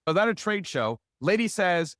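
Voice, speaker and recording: A man's voice: sits high, very animated, moderate pace, fairly bright tone, dry recording, studio quality. A middle-aged man giving a business talk, telling stories with lots of rhetorical questions and acted-out quotes. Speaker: business speaker. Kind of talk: animated storytelling talk.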